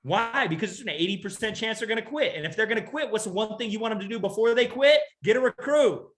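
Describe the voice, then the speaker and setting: A man's voice: high voice, animated, quick pace, fairly bright tone. A man as a sales trainer, giving a motivational talk to an audience with punchy rhetorical questions and repeated key lines.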